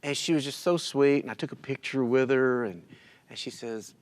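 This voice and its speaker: A middle-aged man telling a personal story in casual conversation, animated and acting out what others said. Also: medium pitch, moderate pace. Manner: animated, acts out other people's lines.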